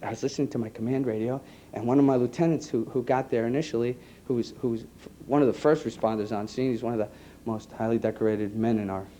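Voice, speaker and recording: A man, an EMT giving an earnest personal testimony to an audience, halting and repeating his words. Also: mid-range voice, steady tone, dark tone, a little hiss or hum. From New York. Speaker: EMT speaking to a conference.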